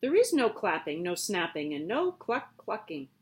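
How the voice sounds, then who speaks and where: A woman's voice: mid-range voice, very animated, moderate pace, lightly acted. A woman voicing a fussy, stern grown male farmer, raised and insistent, in a picture book read-aloud.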